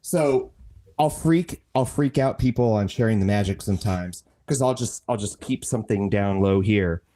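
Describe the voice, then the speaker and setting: A man's voice: on the low side, normal speed, mellow. A man chatting as a podcast guest, self-deprecating and rambling, breaking into laughter. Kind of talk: casual chat.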